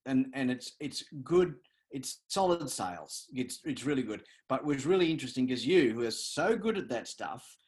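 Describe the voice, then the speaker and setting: A man, a guest telling stories in a lively, conversational way with repeated words. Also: medium pitch, normal speed. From Australia. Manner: animated storyteller, repeats words. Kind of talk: conversational interview.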